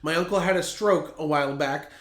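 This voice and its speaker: Man, podcast host, bright tense voice, animated swearing storyteller, roomy echo. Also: on the high side, fairly quick. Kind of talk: casual podcast chat.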